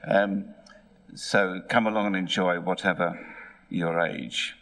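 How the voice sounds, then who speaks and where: A man's voice: sits low, fairly even intonation, takes it slowly, fairly bright tone. Middle-aged male preacher, storytelling sermon in church, acts out the characters. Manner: storytelling, puts on voices for characters.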